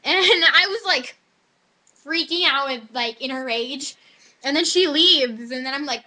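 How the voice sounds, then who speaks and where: A teenage girl chats straight into her webcam, recounting her day in a loose, rambling way packed with "like". Her voice is high and very bright, and she slips into little acted voices when quoting people. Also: a little slow. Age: teens. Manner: chatty, lots of "like", quoting others in animated voices. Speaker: high school student. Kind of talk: casual webcam vlog storytelling. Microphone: webcam microphone.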